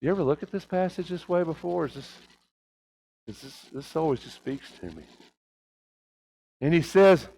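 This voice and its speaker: A man preaching a sermon, asking his congregation rhetorical questions and swinging between hushed and raised delivery, with a light Oklahoma Southern accent. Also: fairly high pitch, expressive, moderate pace, creaky, pauses often, slightly rough, poor audio.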